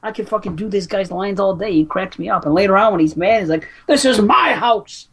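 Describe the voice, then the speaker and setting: A woman's voice: medium pitch, steady tone, fast talker, a little hiss or hum. A woman co-hosting a podcast, chatting casually and profanely about a film and laughing often. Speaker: podcast co-host. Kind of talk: casual chat reviewing a film.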